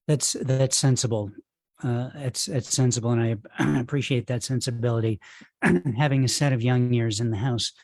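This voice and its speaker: Male open-mic host, halting and courteous, dry close sound on a video call. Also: mid-range voice, steady tone, darkish tone, no room sound. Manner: halting, filler-heavy, polite. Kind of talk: hosting a virtual reading.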